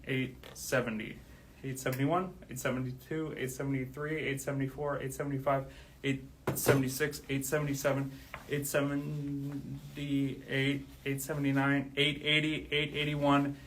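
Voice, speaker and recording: Flat-voiced man counting on a livestream. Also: mid-range voice, moderate pace, a little hiss or hum. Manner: steady counting, then grateful rambling. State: out of breath. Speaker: drummer streaming live. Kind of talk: casual livestream talk.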